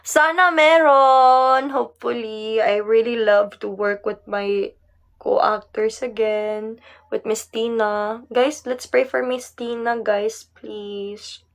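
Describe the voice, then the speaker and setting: Woman, Filipino accent, high voice, giggly, chatty live-stream talk. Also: fairly even intonation, takes it slowly. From Philippines. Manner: chatty, giggly, mixing Tagalog and English. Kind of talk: casual live-stream chat reading comments.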